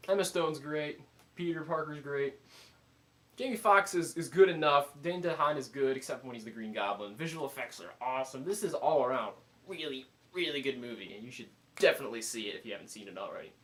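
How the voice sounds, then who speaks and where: A man giving a casual spoken movie review, animated and full of fillers, acting out his own reactions. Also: mid-range voice, fairly quick.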